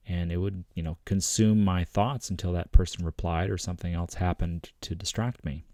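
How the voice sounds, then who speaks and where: A man hosting a self-help channel, reading passages from a book in a measured, earnest way and adding his own commentary. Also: sits low, mellow, no echo, clean studio sound.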